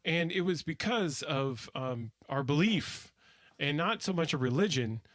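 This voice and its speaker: Bright, high-voiced man chatting. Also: expressive, measured pace, no echo. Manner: loose and profane, laughs often. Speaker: podcast co-host. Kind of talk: casual podcast chat.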